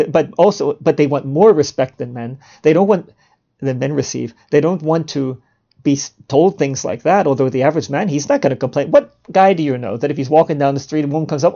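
A man's voice: on the high side, gravelly, mellow, dull audio. A man hosting a podcast, delivering a provocative monologue in a sarcastic, mock-indignant way and chuckling at his own jokes. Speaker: podcast host.

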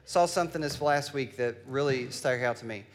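A middle-aged man preaching a sermon. He tells a family story and builds up to loud, emphatic declarations. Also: medium pitch, a little fast, slight background noise. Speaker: pastor.

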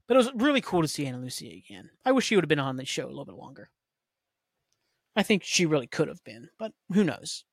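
A man's voice: fairly high pitch, sing-song, quick pace, husky, dry recording, studio quality. A man hosting a podcast, chatting casually and rambling through a TV recap with lots of fillers and some swearing. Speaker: podcast host. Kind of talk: casual solo recap chat.

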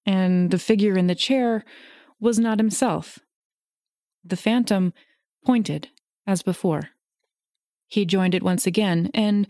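A woman narrating a classic story aloud in a measured, grave manner. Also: mid-range voice, warm tone, dry recording, clean studio sound. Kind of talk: audiobook reading.

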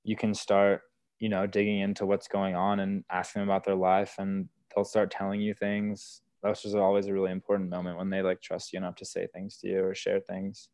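Earnest young man, low flat voice. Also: fairly quick, dry recording. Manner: earnest, many fillers like "like" and "you know". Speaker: podcast guest, wilderness therapy guide. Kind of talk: casual conversational storytelling.

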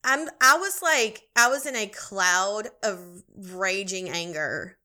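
A woman co-hosting a podcast, chatting casually and telling an animated, swearing, laughing story. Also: medium pitch, slow. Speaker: podcast co-host. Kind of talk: casual chat.

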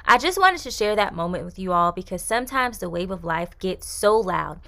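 A woman's voice: lowish voice, animated, moderate pace, gravelly, sharp tone. A young woman hosting a faith-based podcast, talking in a chatty, upbeat way with casual slang. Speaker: podcast host.

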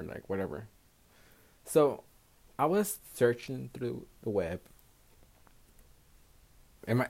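Young man, casual solo podcast, profane, self-mocking, very animated pitch. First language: Spanish. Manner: profane, rambling, self-mocking, laughs a lot. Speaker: podcast host.

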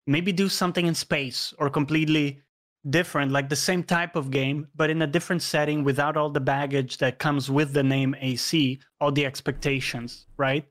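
A man's voice: fairly high pitch, fairly even intonation, moderate pace, fairly bright tone. A man chatting casually about video games, thoughtful and a little hesitant.

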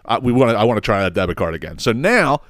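A man's voice: on the low side, big pitch swings, quick pace, a bit bright, no echo, studio quality. A man hosting a podcast, telling a rambling, profane story in a casual monologue, often stumbling over his words and laughing at himself. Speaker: podcast host.

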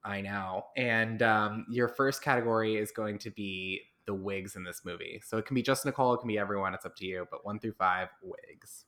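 A man with a lowish, bright, forceful voice hosts a casual podcast chat. He leads his guest through playful mock-formal rating categories, relaxed and easygoing. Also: brisk, few pauses. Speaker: podcast host.

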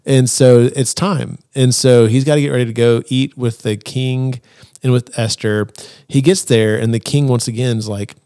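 A man's voice: medium pitch, no echo. Guy podcast host telling a bible story, jumps into little character voices, pretty dry close sound. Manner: animated, acts out characters' lines in quick voices. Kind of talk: casual chat retelling a Bible story.

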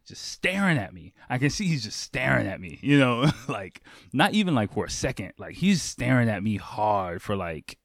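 A man's voice: medium pitch, big pitch swings, normal speed, hardly any pauses, dry recording, studio quality. A man from the United States telling a casual anecdote, laid-back and full of fillers, laughing often. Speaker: storyteller.

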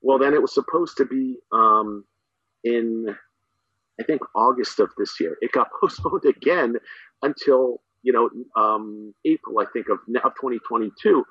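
A man's voice: medium pitch, unhurried, breathy edge, dry recording. A man guest, a middle school teacher and coach, rambling enthusiastically in a casual podcast conversation with many fillers. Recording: dull dry sound.

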